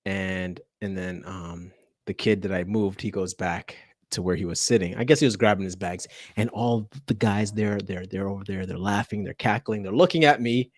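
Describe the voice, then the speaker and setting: A man's voice: low-pitched, moderate pace, no room sound, studio quality. A man, a teacher, telling a story in casual chat, laughing often and acting out the people in it.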